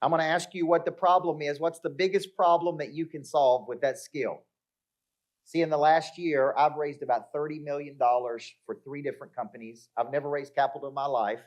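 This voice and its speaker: A man's voice: fairly high pitch, steady tone, brisk, muffled recording. A middle-aged man giving a live motivational talk to an audience, telling stories with acted-out dialogue and checking in with the crowd. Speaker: motivational speaker. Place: live event before an audience.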